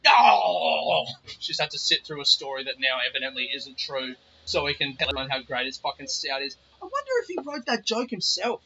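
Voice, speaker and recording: A man's voice: fairly high pitch, big pitch swings, brisk, gravelly, pushed and bright, slight background noise. A man hosting a casual podcast, rambling, swearing freely and telling stories outdoors under a tree. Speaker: podcast host. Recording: dull lo-fi recording.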